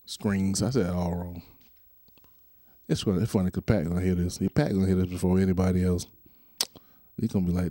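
A man's voice: deep voice, fairly even intonation, a little fast, pauses often, mellow, no echo, studio quality. A young man hosting his own podcast in a loose, rambling way, joking with himself and his listeners. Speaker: podcast host. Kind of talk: casual solo podcast monologue.

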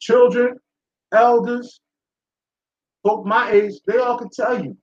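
A man's voice: very high-pitched, steady tone, takes it slowly. A man hosting a talk show, delivering a blunt, profane, preachy monologue to his listeners. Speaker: show host. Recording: echoey room, dull sound.

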